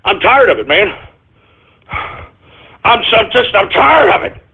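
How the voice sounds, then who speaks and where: A man hosting his own radio show, ranting in an agitated way, repeating himself and breaking into shouts. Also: high voice, very animated, takes it slowly, creaky, slightly rough. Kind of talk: ranting call-in radio monologue. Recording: phone-line quality broadcast.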